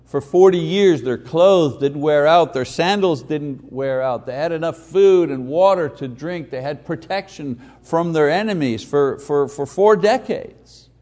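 A man preaching a sermon, slowing for emphatic phrases and dropping to quiet asides. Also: fairly high pitch. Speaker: pastor.

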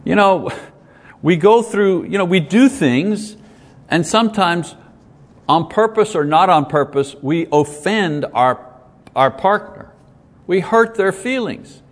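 A man's voice: high-pitched, lively intonation, slow. Man preaching in a long-echoing hall. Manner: earnest, conversational preaching with repetition. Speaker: pastor. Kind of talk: sermon.

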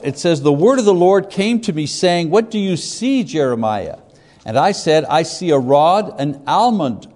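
Male teacher, slow and halting lecture delivery, slightly high voice, long hall reverb. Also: a little mellow. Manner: unhurried, halting, with many fillers and asides. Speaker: Bible teacher. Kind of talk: classroom lecture.

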